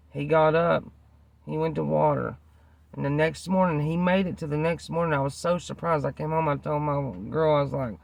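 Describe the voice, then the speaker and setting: An earnest, rambling man tells a personal story in casual, repetitive talk. His voice sits a little high for a man and has a gravelly rasp. The sound is dry and close, with no room echo. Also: steady tone, a little fast. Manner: earnest, rambling, repeats himself, many fillers. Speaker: vlogger telling a personal story.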